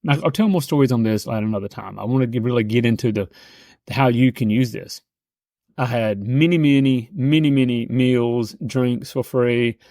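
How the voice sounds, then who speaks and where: Middle-aged male sales coach, casual and animated storyteller, dry close sound. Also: medium pitch, moderate pace, dry recording. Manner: animated, shifts into quoted voices.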